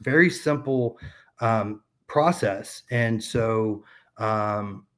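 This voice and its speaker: A man's voice: lowish voice, extremely slow. A man in his thirties telling a personal story in a casual chat, rambling with many fillers and restarts. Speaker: podcast guest.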